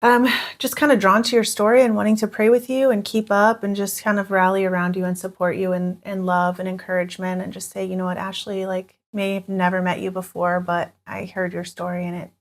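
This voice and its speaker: A woman hosting a podcast interview, gentle and encouraging, speaking softly. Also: mid-range voice, flat delivery, fairly quick, hardly any pauses. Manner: gentle, encouraging, soft-spoken. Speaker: podcast host.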